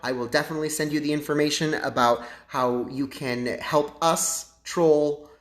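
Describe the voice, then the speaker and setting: A man's voice: on the high side, steady tone, normal speed. A man hosting a casual livestream and chatting to his viewers in a sassy, campy way. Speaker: livestream host. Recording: echoey room.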